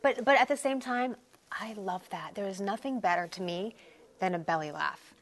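A woman's voice: mid-range voice, moderate pace. A woman, a guest actress, reminiscing in an interview with a giggly manner.

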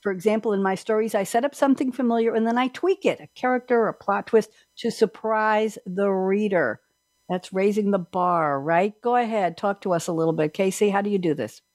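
A middle-aged woman hosting a group discussion, reading quotes aloud slowly with lively asides. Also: medium pitch, dry recording, studio quality. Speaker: host.

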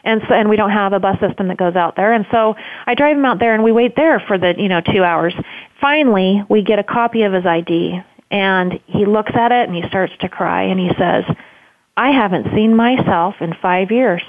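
A woman's voice: mid-range voice, brisk, no echo. Earnest woman on a tinny phone line. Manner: earnest, rambling with many fillers. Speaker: homeless shelter director. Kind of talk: storytelling in a phone-in interview.

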